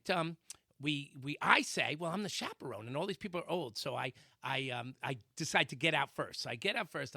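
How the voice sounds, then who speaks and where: A man co-hosting a talk radio show, telling a comic story with sound effects and shouted quotes. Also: a little high, vocal fry, no echo, clean studio sound. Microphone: studio microphone.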